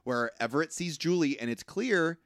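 A man's voice: fairly high pitch, animated, moderate pace, fairly bright tone, no echo, studio quality. A man co-hosting a podcast, casually recapping a film in a rambling way and acting out the characters' lines. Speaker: podcast co-host. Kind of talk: casual movie recap chat.

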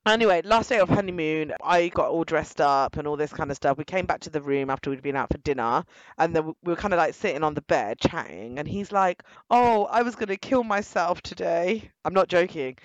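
A young woman, outspoken and animated, talking directly to her listeners in casual storytelling. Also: sits low, fairly quick, no echo, muffled recording. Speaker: guest telling her story.

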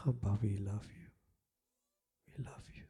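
A male pastor leading a soft, repetitive closing prayer and blessing, sometimes sinking into a whisper. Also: on the low side, flat delivery, a little slow, vocal fry, slightly rough.

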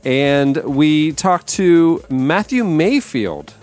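An upbeat man hosts a podcast, joking around with his co-hosts. His voice sits a little high. Faint music plays underneath. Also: lively intonation, extremely slow, darkish tone. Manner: jokey, upbeat show opener. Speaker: podcast host. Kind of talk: casual chat.

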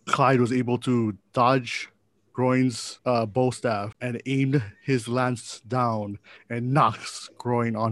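A man's voice: medium pitch, dry recording. A man narrating as game master of a tabletop game, with joking asides and frequent laughs.

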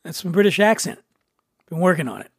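A man's voice: a little high, sing-song, fairly quick, gravelly, breathy edge, no echo, studio quality. A man hosting a podcast in a loose, jokey, rambling way, mocking himself as he introduces his guests. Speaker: podcast host. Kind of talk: casual podcast talk.

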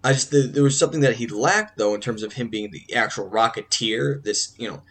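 A man's voice: mid-range voice, brisk, a bit bright. A man co-hosting a casual film podcast, rambling and often restarting sentences while he hunts for words. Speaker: podcast co-host.

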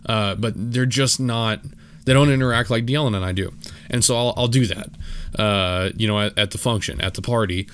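A man's voice: fairly low pitch, moderate pace, a bit bright, a little hiss or hum. A young man talking casually on his solo podcast, rambling with many fillers and restarts, and poking fun at himself. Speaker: podcast host.

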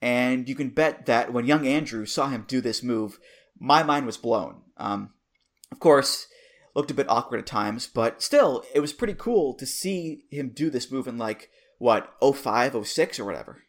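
A man's voice: medium pitch, expressive, moderate pace. Enthusiastic man in casual chat. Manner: enthusiastic, nostalgic, laughs easily. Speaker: podcast co-host.

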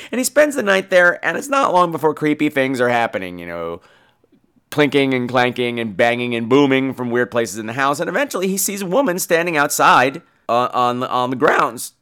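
A man hosting a podcast, casually reviewing a horror film, animated and jokey with casual swearing. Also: medium pitch, a little fast, clear, resonant tone. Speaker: podcast host.

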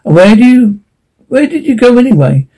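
A man's voice: extremely high pitch, sing-song, moderate pace, dark tone, breathy edge, pitched above the performer's own voice, exaggerated voice, rough recording. A man voicing a frightened, sulky young boy who blusters and exclaims in a read-aloud story. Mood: alarmed.

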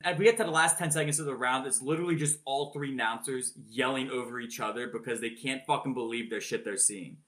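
A man with a bright, forceful voice narrates a boxing match for his podcast co-hosts. He talks casually, swears freely and keeps the story moving with plenty of energy. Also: mid-range voice, fast talker, few pauses. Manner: animated, swears freely, acts out announcers' shouted calls.

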